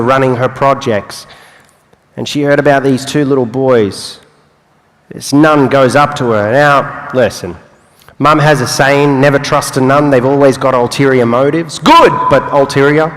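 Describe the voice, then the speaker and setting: A young man giving a motivational talk on stage, telling his life story with long pauses and playful asides. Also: mid-range voice, a bit bright. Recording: live hall with long reverb.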